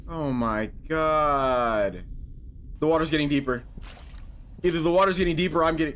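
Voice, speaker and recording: A man's voice: on the high side, fairly quick, slight background noise. A man giving horror game commentary, talking to himself, swearing, and yelping when startled. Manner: jumpy, talks to himself, swears, yelps and shouts when startled. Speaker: gaming YouTuber.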